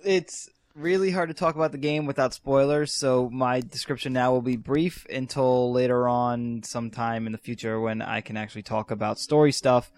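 A man's voice: medium pitch, steady tone, moderate pace, few pauses, darkish tone. A young man co-hosting a casual podcast chat, rambling and hesitant with many fillers. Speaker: podcast co-host.

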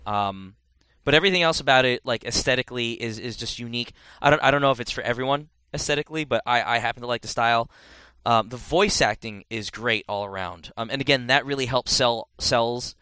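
A man's voice: medium pitch, a little fast, sharp tone, clear, resonant tone, no room sound. A man in casual podcast chat, rambling and correcting himself as he reviews a game. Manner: rambling, self-correcting, chatty.

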